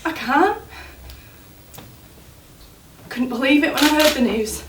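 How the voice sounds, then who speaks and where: An actress playing a grieving young fiancée, high voice. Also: female voice. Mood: shocked. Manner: tearful, halting, emotional. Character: young woman, grieving fiancée of an injured footballer. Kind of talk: stage monologue. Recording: roomy, distant mic, faint noise.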